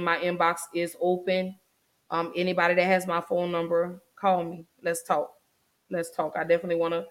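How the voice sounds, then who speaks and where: A woman hosting a podcast, talking in an earnest, caring way with many fillers. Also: fairly low pitch. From United States. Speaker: podcast host. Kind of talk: casual podcast chat.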